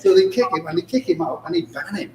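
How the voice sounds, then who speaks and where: A man's voice: sits high, fast talker. A man co-hosting a podcast, telling casino stories casually and acting out the dialogue. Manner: animated anecdote-telling, acts out dialogue. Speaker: casino dealer, podcast co-host. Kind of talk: casual storytelling. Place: showroom, live on location. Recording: echoey room, distant mic, background noise.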